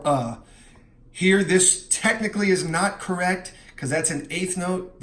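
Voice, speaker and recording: A man explaining how to chart a drum part, counting beats out loud and scatting the fills. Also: a little high. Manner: counts beats aloud and scats drum parts. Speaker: drum teacher. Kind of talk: instructional walkthrough. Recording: roomy, with music playing.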